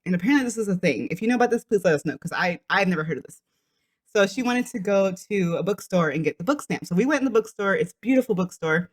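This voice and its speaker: A woman co-hosting a craft podcast, telling a story in a chatty way with quick asides and frequent laughter. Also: mid-range voice, expressive. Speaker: podcast co-host. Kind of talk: casual chat.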